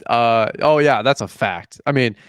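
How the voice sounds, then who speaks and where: A man's voice: medium pitch, measured pace, clear, resonant tone, dry recording. A man hosting a casual podcast, telling stories with lots of laughter and acting out both sides of conversations. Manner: joking storyteller, acts out quoted exchanges; laughs often. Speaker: podcast host.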